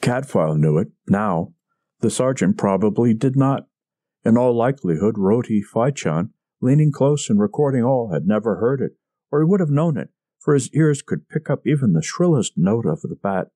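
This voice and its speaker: A man reads a mystery story aloud in an expressive narrating style. His voice is mellow and warm with lively, varied pitch. The sound is dry, with no room echo. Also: moderate pace. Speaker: audiobook reader.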